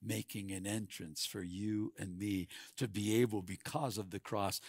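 A man preaching a sermon, swinging from hushed, quiet passages to loud, emphatic peaks. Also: on the low side, no room sound, clean studio sound.

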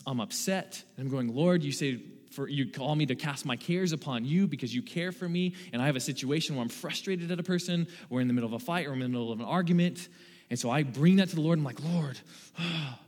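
Earnest young preacher in a reverberant hall. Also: male voice, medium pitch. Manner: earnest and personal, swinging between loud emphasis and hushed asides. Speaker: youth pastor. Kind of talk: sermon. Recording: long reverb of a large hall.

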